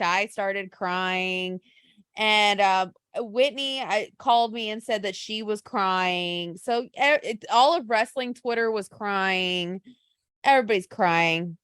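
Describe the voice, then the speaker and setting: A woman's voice: mid-range voice, clean tone, no room sound, clean studio sound. Gushing woman chatting on a podcast. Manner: gushing, animated storytelling. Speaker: podcast co-host. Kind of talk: casual chat.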